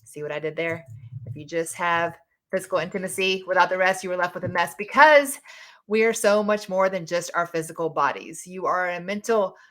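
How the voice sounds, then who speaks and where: A woman's voice: lowish voice, brisk, a bit bright. A woman with a Southern US accent hosting a live audio chat room, chatty and laughing at her own jokes. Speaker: podcast host.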